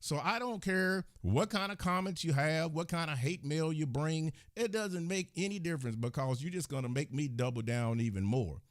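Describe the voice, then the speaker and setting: In a clean, echo-free studio recording, a man with a fairly high voice rants to the camera on his own channel. He is agitated and indignant, scolding his viewers at a moderate pace with hardly any pauses.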